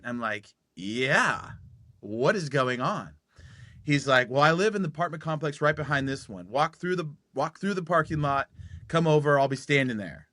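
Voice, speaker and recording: A man's voice: mid-range voice, sharp tone, no room sound, studio quality. A man in his forties telling a personal story on a podcast, acting out the dialogue as he goes. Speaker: podcast guest.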